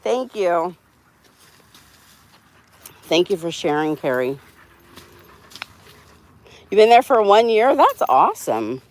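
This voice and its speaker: A woman who hosts a dog channel streams live while walking her dogs on an outdoor sidewalk, chatting casually with viewers and laughing often. Her fairly low voice is very animated yet slow, with long pauses.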